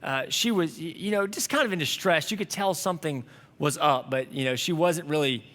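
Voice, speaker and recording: A man's voice: fairly high pitch, fairly quick, a bit bright, in a large hall. A young man preaching a sermon, telling a story in an earnest, conversational way. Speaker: pastor.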